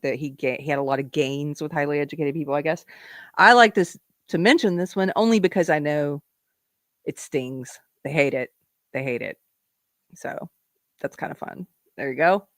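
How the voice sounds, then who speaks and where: A woman's voice: low voice, dry recording, clean studio sound. Sarcastic woman hosting a live commentary show. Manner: sarcastic, animated, laughs often. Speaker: host.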